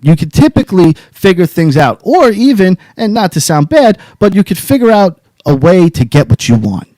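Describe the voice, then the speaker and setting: A man's voice: high voice, sing-song, moderate pace, warm tone, no echo, poor audio. A man co-hosting a casual advice talk show, brash and boastful, cursing freely as he talks. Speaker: podcast co-host.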